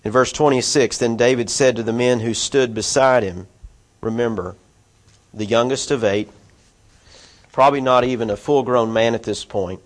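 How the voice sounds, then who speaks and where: A man's voice: mid-range voice, normal speed. A man preaching through a Bible passage, reading verses and adding chatty asides to his listeners. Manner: conversational, asides to listeners, voices quoted figures. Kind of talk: expository Bible teaching.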